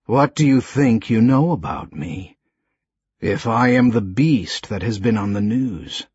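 A man voicing a brutal male killer who claims to be an inhuman beast, talking low, slow and cold. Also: expressive, darkish tone, breathy edge, dry recording, dull audio. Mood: menacing.

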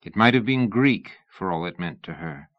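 A man narrates a novel in a measured, storytelling manner. His voice sits on the low side, and the recording is very dry with a dull, muffled sound. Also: animated, dry recording. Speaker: audiobook narrator. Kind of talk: scripted narration.

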